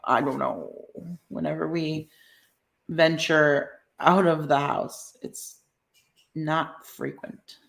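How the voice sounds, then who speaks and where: Woman hosting a live stream, reads comments out loud, laughs a lot, kinda low voice. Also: slow, vocal fry. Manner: animated, laughing often, reading viewer comments aloud. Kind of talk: casual live stream chat.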